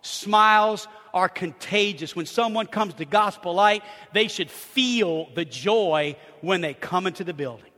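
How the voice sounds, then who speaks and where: A man preaching a sermon as pastor, telling humorous, animated stories with bursts of laughter. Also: high-pitched, measured pace, hardly any pauses. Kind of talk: lively sermon storytelling. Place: church sanctuary. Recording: hall reverb in a church.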